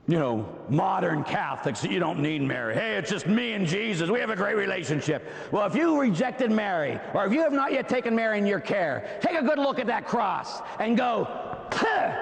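A male preacher delivers a fervent sermon in a high voice, often rising to a shout. He speaks slowly with dramatic pauses, and his voice has a gravelly edge. Long reverb trails every phrase. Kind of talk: impassioned sermon.

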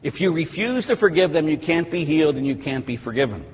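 A man's voice: on the high side, expressive, quick pace, hardly any pauses, breathy edge. A middle-aged man, a Catholic priest, preaching a sermon, telling a story and rising to emphatic, exclamatory peaks. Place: church. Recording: long church reverb, faint room ambience.

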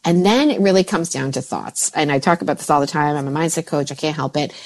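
A woman in her forties, a mindset coach, talking in a casual chat and jumping into high voices for quoted thoughts. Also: fast talker, a little mellow.

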